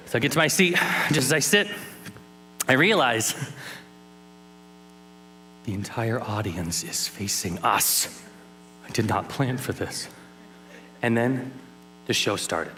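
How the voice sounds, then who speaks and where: A man giving a keynote talk at a conference, telling a personal story in an animated way and acting out scenes. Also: medium pitch, moderate pace, long pauses, slight background noise, poor audio. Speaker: keynote speaker. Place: conference hall.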